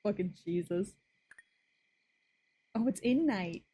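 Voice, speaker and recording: A woman's voice: medium pitch, animated, slow, dark tone, breathy edge, lo-fi sound. A young woman streaming a farming game, chatting casually, swearing freely and singing to herself. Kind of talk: casual gameplay commentary.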